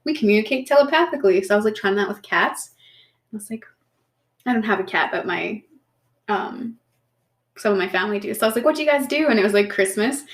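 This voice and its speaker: A woman co-hosting a podcast, telling stories in casual chat, animated and swearing freely. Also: medium pitch, quick pace, long pauses. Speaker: podcast co-host. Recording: roomy echo.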